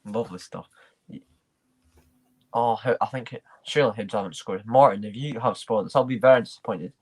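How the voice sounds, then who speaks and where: A man's voice: on the low side, fairly quick, husky. A man hosting a live football watchalong, chatting loosely with banter and restarts. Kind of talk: casual chat.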